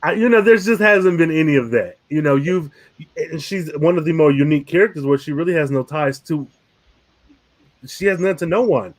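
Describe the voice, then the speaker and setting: A man's voice: fairly high pitch, a little fast. A man hosting a casual review podcast, talking animatedly, laughing often and swearing casually. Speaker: podcast host.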